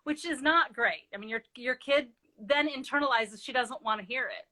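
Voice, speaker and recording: A woman's voice: high voice, fairly quick, pushed and bright. A middle-aged woman, a parenting expert, explaining earnestly in a live interview and telling stories with quoted dialogue.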